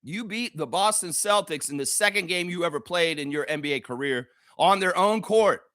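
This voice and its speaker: A man's voice: high-pitched, animated, normal speed, a bit bright, dry recording, clean studio sound. A man hosting a live basketball reaction show, ranting heatedly and profanely at the players. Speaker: sports reaction host.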